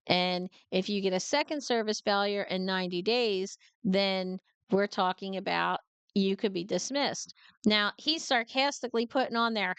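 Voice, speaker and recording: A woman with a New Jersey accent talks through a reaction video as a working truck driver. Her voice comes across very clear and smooth, recorded dry and close with no room sound. She tells her stories in an animated, fired-up way, breaking into laughs. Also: medium pitch, moderate pace, no room sound. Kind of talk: casual reaction commentary.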